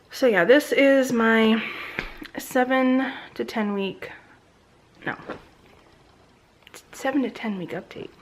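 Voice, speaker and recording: A woman's voice: medium pitch, fairly bright tone, low-quality recording. A woman in her thirties gives a casual pregnancy update straight to her camera at home. She rambles along in a chatty way, full of ums, likes and restarts, her voice recorded close on the camera. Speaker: vlogger.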